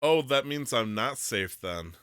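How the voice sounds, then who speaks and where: A man's voice: medium pitch, animated, measured pace, a bit bright, smooth, dry recording, clean studio sound. A man from Michigan hosting a podcast, joking around and laughing easily in casual chat. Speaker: podcast host.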